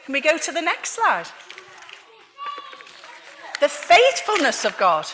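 A middle-aged woman from Liverpool, giving an animated sermon with personal testimony and frequent laughs. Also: high voice, slow, pauses often, slight background noise. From Liverpool, England. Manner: animated storytelling, laughs often. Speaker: church speaker.

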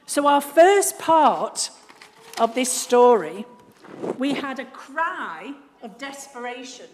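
A woman's voice: high voice, very animated, takes it slowly. Woman preaching in an echoey hall. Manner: warm storytelling, swinging from hushed to loud. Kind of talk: sermon. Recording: echoey hall, faint noise.

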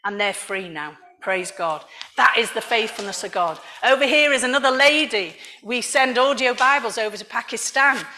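Bright high-voiced woman preaching. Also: moderate pace. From Liverpool, England. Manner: animated storytelling, laughs often. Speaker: church speaker. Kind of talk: sermon with personal testimony.

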